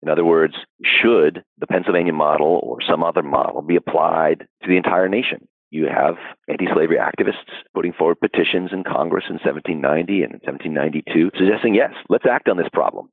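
A man's voice: deep voice, fairly even intonation, quick pace, vocal fry, slightly rough, no room sound. A man talking as a historian guest in a podcast interview, thoughtful and discursive with many fillers. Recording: dry, phone-like call audio.

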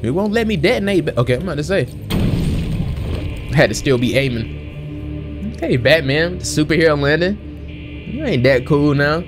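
A man hosting a let's play, excitable and slangy, exclaiming at the game as he plays. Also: on the high side, normal speed, pauses often. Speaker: gaming channel host. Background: game music and sound effects.

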